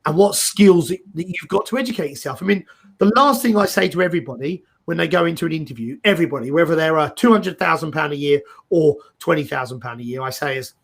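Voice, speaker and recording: A middle-aged man hosting a casual career advice chat over a video call, animated and rambling, often repeating his words. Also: a little high, fast talker, vocal fry. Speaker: host.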